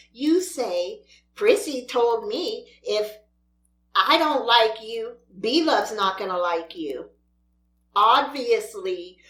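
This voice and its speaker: A woman's voice: fairly high pitch, a bit bright, echoey room. A woman mukbang vlogger ranting in an exasperated, scolding way at other creators while she eats. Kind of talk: ranting vlog while eating.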